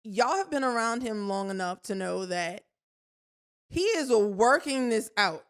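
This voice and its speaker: A woman co-hosting a podcast, telling a story in a lively way and acting out her own reactions. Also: fairly high pitch, unhurried, clean tone. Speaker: podcast co-host. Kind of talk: casual chat.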